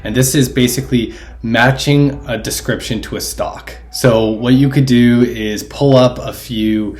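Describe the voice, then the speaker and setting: A man who teaches English, sharing classroom activity tips in a relaxed, casual way, with frequent ums and uhs. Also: mid-range voice, a little slow, faint music behind.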